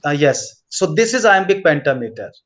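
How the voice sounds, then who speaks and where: A man teaching a literature class, repeating key points slowly as if dictating notes. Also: fairly high pitch, sing-song. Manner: mixes in Hindi instructions. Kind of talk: classroom lecture.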